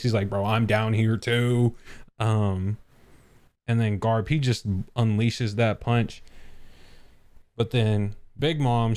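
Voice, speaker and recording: A man hosting a podcast in a casual chat, animated and acting out characters' lines in quick bursts. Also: lowish voice, smooth. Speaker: podcast host.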